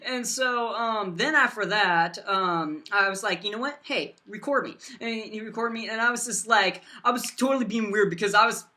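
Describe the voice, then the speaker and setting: A teenage boy vlogger telling a rambling storytime, full of fillers and bursts of loud silly voices. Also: high-pitched, normal speed, few pauses. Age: teens.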